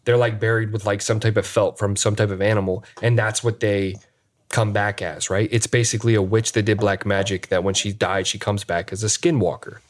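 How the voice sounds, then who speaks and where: A man, a paranormal investigator, casually retelling an investigation with animated re-enacted dialogue. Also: on the low side, a little fast. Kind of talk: casual storytelling.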